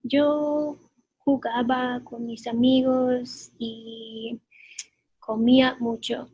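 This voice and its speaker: A woman teaching a recorded grammar lesson. She explains patiently and draws out her examples slowly. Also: fairly high pitch, little pitch movement, muffled recording. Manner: clear explanatory teacher talk, drawn-out examples. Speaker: Spanish teacher.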